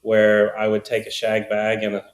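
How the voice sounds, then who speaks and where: A man's voice: lowish voice, monotone, moderate pace. A man in his fifties from Australia who speaks with an American accent, telling easygoing, joking stories as a podcast guest. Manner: easygoing, joking, rambling anecdotes. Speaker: guest, golf coach. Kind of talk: casual interview storytelling. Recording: roomy echo.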